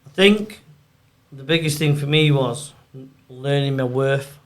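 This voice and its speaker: A man, a football agent chatting in an interview, telling animated stories. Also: mid-range voice, a little slow. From Manchester, England. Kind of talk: casual storytelling interview.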